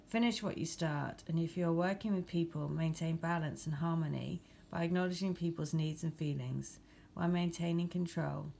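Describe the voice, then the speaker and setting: A woman with a gravelly, low-pitched English voice talks through a spiritual card reading for her viewers. She reads the card meanings in an even way, then breaks into excited chat with bursts of laughter. A faint hiss sits under her voice. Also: moderate pace. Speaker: tarot and oracle card reader.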